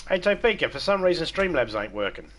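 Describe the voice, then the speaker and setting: An Australian man hosts a live gaming stream, reading chat and giving his opinions bluntly. He swears freely and laughs at his own jokes. His voice is bright and forceful and sits a little above the usual male pitch. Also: big pitch swings, fast talker.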